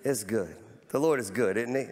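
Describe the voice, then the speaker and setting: A man's voice: mid-range voice, moderate pace. Fervent male pastor in an echoing sanctuary. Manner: fervent, repeats words, rises to near shouts. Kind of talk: sermon. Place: large church sanctuary. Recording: long church hall reverb.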